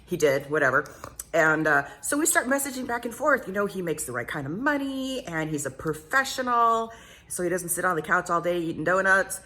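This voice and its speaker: A middle-aged woman telling a story in a casual vlog, animated and self-mocking, often laughing. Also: fairly low pitch, brisk. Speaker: vlogger.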